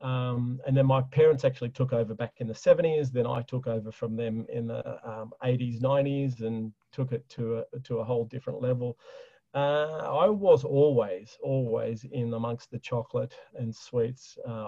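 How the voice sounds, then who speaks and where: A man's voice: medium pitch, steady tone, normal speed, warm tone, no echo, lo-fi sound. A middle-aged man, from Australia, talking enthusiastically about his family business as an interview guest. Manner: enthusiastic, chatty, frequent fillers and laughs. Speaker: guest, chocolate business owner. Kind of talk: casual interview talk.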